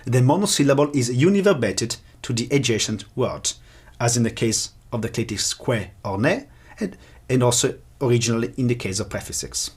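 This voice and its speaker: A man lecturing in a measured, explanatory way, slowing down to pronounce example words. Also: medium pitch, lively intonation, husky. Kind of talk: academic lecture.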